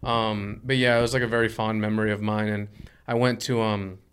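A man hosting a casual interview, sharing his own stories in an animated, drawn-out way. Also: lowish voice, clear, resonant tone.

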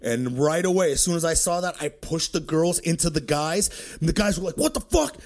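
A male comedian from Detroit telling a story as a podcast guest, profane and excitable, laughing as he talks. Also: on the high side, brisk. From Detroit, USA. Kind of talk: animated comic storytelling.

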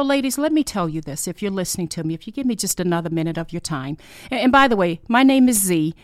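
A woman's voice: mid-range voice, no echo, studio quality. A middle-aged woman hosting a faith podcast, telling her personal testimony in an earnest, emotional way. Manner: emotional, earnest, heartfelt storytelling. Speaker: podcast host.

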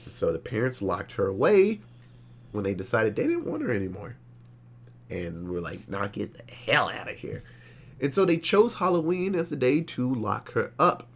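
A man co-hosting a podcast, recapping a horror movie in animated, profane, casual storytelling. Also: mid-range voice, normal speed. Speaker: podcast co-host. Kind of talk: casual movie review chat.

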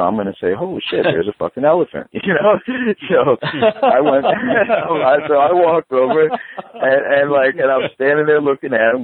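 Deep-voiced man telling a profane story. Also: no room sound. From New York. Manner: profane, animated storyteller who acts out dialogue. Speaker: guest, hardcore punk musician. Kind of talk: casual storytelling in a podcast. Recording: phone-like dry remote audio.

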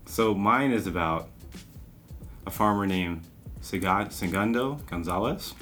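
A man's voice: low voice, measured pace, fairly bright tone, soft background music. A young man co-hosting a casual podcast, talking in a laid-back, rambling way and laughing at his own slips. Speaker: podcast co-host.

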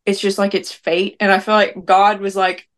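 A woman's voice: medium pitch, little pitch movement, moderate pace. A young woman talking casually as an interview guest, rambling with lots of "like" fillers. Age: young adult. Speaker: guest, prank-call comedian.

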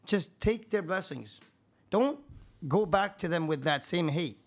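High-voiced, profane contractor man. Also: expressive, measured pace. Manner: profane, emphatic, preachy. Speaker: podcast guest, contractor. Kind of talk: casual podcast chat.

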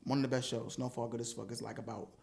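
A man in casual, profane chat among friends, animated and prone to loud mock voices. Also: medium pitch, quick pace, vocal fry.

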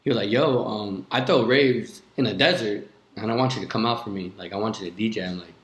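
A man's voice: fairly low pitch, a little fast. A young man, a DJ guest on a podcast, telling his story in a loose, casual way, swearing often and filling with "like". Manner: loose, swears a lot, many "like" fillers. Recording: echoey room.

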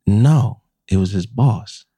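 This chef and podcast co-host speaks at a fairly low pitch, taking his time, with a breathy edge on a dry recording. Casual and animated, he swears his way through a story about work and acts out what people said.

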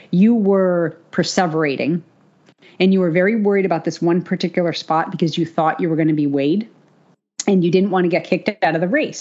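A woman co-hosting a podcast, telling a story in a casual, animated way and swearing freely. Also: lowish voice, muffled recording. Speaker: podcast co-host.

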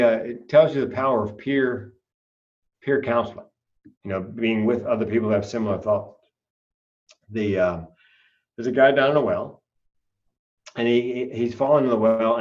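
Comedian guest, storyteller, acts out voices, sounds far from a dull mic. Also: male voice, on the low side. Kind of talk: casual storytelling interview.

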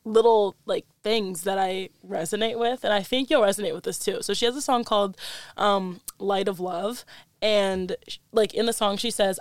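A young woman co-hosting a podcast in casual chat, talkative and quick to laugh, acting out her own thoughts as she tells stories. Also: mid-range voice, dry recording. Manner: chatty, laughs often, acts out her own quoted thoughts. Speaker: podcast co-host.

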